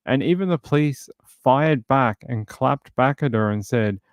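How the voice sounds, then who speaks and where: A man's voice: medium pitch, a little mellow, no echo, studio quality. A man hosting a true crime stream, mocking a news clip with sarcastic rhetorical questions. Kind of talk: live commentary on a news clip.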